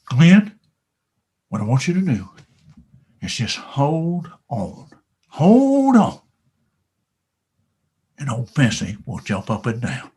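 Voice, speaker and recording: A man's voice: mid-range voice, sing-song, moderate pace, a little mellow, breathy edge, full character voice. A man voicing Bessie, a kind talking farm cow, in a coaxing, soothing way during a spoken story. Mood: reassuring.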